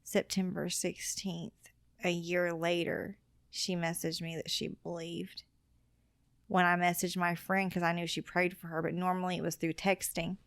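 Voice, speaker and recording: A woman's voice: lowish voice, measured pace, dry recording. A woman guest on a podcast telling her personal story earnestly and acting out what other people said. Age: adult with children. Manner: earnest, quotes people in lively retellings.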